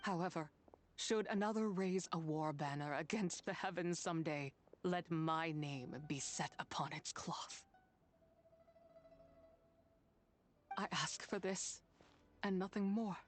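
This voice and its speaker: A woman voicing a solemn female spirit, the leftover wrath of an immortal, in a grave, measured, poetic manner for a game. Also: fairly low pitch, slight background noise, close to an everyday voice. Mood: resigned. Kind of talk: game voice acting.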